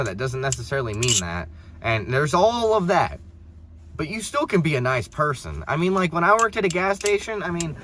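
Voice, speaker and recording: A young man telling a casual story while driving, rambling, with many restarts and an exasperated tone. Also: lowish voice. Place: in a car. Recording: noisy background.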